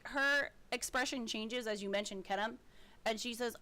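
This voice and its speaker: A woman's voice: a little high, normal speed, bright, forceful tone. A woman narrating as game master of a tabletop game in a rambling, giggly way, full of fillers.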